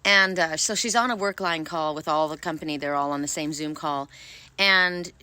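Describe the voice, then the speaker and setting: A woman's voice: deep voice, bright, forceful tone, clean tone, no echo. A woman oracle card reader chatting casually to camera while sitting outdoors on the grass, talkative and effervescent. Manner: talkative, bubbly, quick and effervescent.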